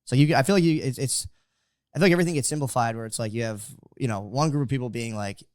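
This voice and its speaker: Fast-rambling man on a podcast. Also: medium pitch, darkish tone, no echo, clean studio sound. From United States. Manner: rambling, lots of "like" fillers. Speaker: podcast co-host. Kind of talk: casual chat.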